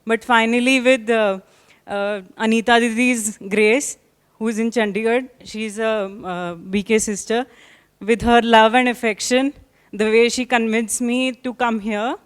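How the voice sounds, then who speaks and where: A young woman from India with an Indian accent speaks to a gathering in a slightly high voice. Her delivery is heartfelt and hesitant, with pauses and fillers as she shares. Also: steady tone, clean tone. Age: young adult. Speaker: attendee sharing experience.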